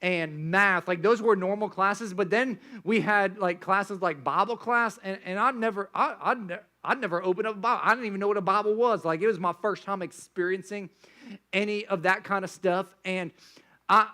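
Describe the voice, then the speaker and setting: A male pastor delivering a sermon in a loose, joking storytelling way, often restarting his sentences. His voice sits high and sounds bright. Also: normal speed.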